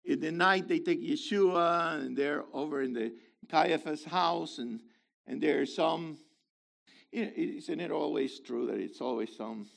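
A man preaching a sermon in an animated way, swinging between loud emphasis and quiet asides, with playful remarks along the way. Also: fairly high pitch, a little slow, vocal fry.

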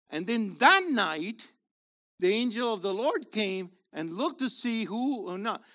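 Animated high-voiced male preacher. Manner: animated, rhetorical questions to congregation, rises to emphatic shouts. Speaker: messianic congregation leader. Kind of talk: sermon.

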